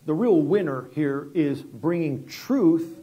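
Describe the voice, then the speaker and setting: Conversational guest pastor, mellow husky voice. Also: male voice, fairly high pitch, expressive, slow pace. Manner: conversational, repeats words and restarts, drops quiet for dramatic story moments. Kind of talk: sermon with storytelling.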